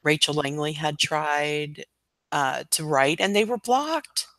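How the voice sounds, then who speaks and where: Low voiced woman, halting, low-key chat, dry sound. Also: animated, a bit bright, no room sound. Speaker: panel guest. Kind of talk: casual group chat.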